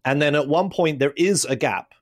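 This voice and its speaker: A young man chatting casually on a podcast, rambling and animated in his storytelling. His voice sits a touch high for a man, and he swears freely. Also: moderate pace. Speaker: podcast host.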